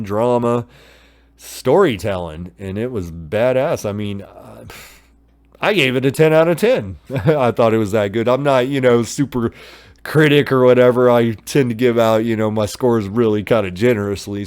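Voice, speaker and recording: A man's voice: lowish voice, darkish tone. A man in his thirties giving a loose, profane, filler-heavy review of a TV episode. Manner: loose and profane, many fillers, retells scenes in voices. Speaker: TV show reviewer. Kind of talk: casual rambling episode review.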